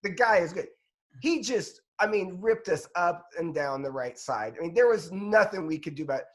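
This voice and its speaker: A man's voice: high-pitched, expressive, normal speed. A man co-hosting a podcast, chatting casually about football in a rambling, self-deprecating way. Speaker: podcast co-host.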